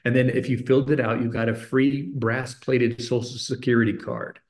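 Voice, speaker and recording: A man's voice: medium pitch, normal speed. A middle-aged man, a podcast guest, telling a personal story in conversation and acting out the voices of the people in it. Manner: animated storyteller who acts out voices of people in his story.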